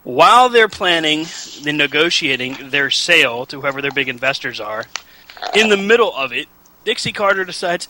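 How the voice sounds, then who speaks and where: A man co-hosting a casual wrestling talk show, joking and mimicking people in quick asides. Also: a little high, very animated, sharp tone, slight background noise, low-quality recording. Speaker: podcast co-host.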